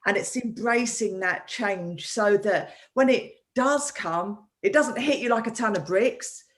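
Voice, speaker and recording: A woman hosting a live online talk as a coach, animated and often restarting her sentences over a video call. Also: mid-range voice, unhurried. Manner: animated, with many repeated restarts. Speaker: host and coach.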